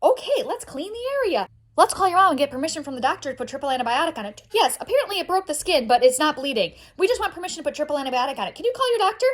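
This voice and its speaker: A woman's voice: high voice, big pitch swings, rapid-fire, a bit bright, pitched above the performer's own voice. A woman voicing a practical school nurse, speaking in a businesslike, matter-of-fact way.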